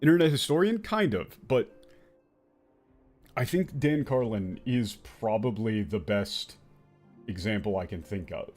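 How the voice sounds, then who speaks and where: Man, game streamer, lively intonation, casual rambling, swears a lot, faint music behind. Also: lowish voice, measured pace, long pauses. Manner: animated, profane, rambling with many fillers. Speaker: gaming streamer. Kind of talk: casual commentary while playing.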